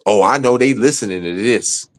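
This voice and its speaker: A man's voice: medium pitch, normal speed. Pissed off guy going off on a stream, cussing, repeating himself over and over. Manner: angry, profane, repetitive. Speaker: guest. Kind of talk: heated livestream rant.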